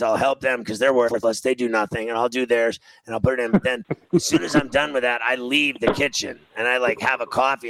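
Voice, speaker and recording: A middle-aged man hosting a casual chat, telling animated stories and acting out quotes. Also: mid-range voice, gravelly, no echo, poor audio. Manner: animated storyteller, acts out quotes.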